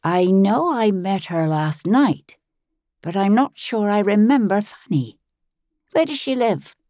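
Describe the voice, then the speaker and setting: A woman's voice: medium pitch, expressive, slow, mellow, no room sound, clean studio sound, voice pushed up. A woman reading an audiobook, voicing a curious, tentative young woman, the sympathetic daughter of the hero. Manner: tentative, questioning. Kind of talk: audiobook narration.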